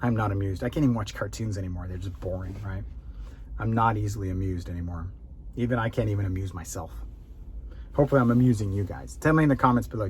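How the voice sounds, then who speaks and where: A middle-aged man coaching real estate agents, telling a family story in a casual, lively, self-mocking way. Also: fairly low pitch, fast talker, a little hiss or hum. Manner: animated, self-mocking storyteller acting out quotes.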